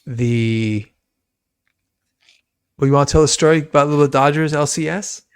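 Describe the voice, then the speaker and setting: A man's voice: fairly high pitch, moderate pace, clean tone. Podcast host man with short replies. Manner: brief, agreeable interjections. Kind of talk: casual chat.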